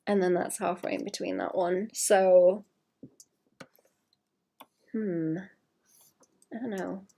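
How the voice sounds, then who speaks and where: A woman streaming herself drawing, chatting casually in a rambling way that trails off and drops to a quiet murmur. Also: lowish voice, fairly even intonation, slow pace, creaky. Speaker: art streamer. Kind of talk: casual live-stream chat while drawing.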